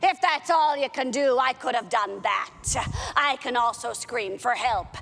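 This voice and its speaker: A woman's voice: on the high side, a little slow, vocal fry, a bit bright, in a large hall, a little hiss or hum. A woman at a library telling children a pirate story, with playful pirate talk. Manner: playful pirate talk, with an occasional "arr" and "me ship".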